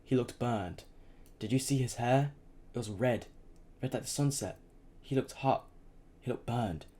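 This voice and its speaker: A man's voice: medium pitch, a little slow, dark tone, pitched above the performer's own voice, natural voice. A man reading aloud, voicing a curious young boy who asks eager questions.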